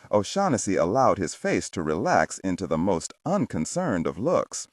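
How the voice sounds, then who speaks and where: A man narrates a thriller audiobook with expressive delivery. His voice is low but very animated in pitch, and the sound is dry and close. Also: normal speed, few pauses, no echo. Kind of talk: scripted narration.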